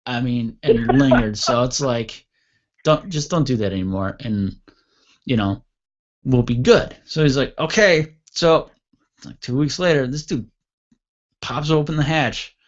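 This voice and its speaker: A man hosting an internet radio talk show, telling a story casually and acting out the quoted voices with loud, lively bursts. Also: mid-range voice, unhurried, long pauses. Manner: animated, acts out quoted voices loudly. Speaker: podcast host. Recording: dull lo-fi audio.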